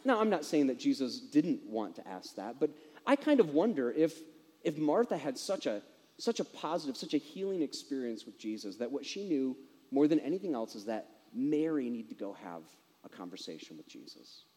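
A man's voice: medium pitch, sing-song, normal speed, warm tone, slightly rough, in a large hall. A man preaching a sermon in a conversational way, asking his listeners rhetorical questions.

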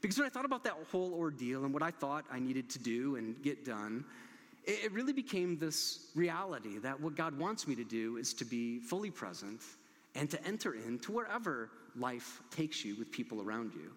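A man preaching a conversational sermon as a pastor, telling stories with relaxed, gentle humor. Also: mid-range voice, moderate pace. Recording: long hall reverb.

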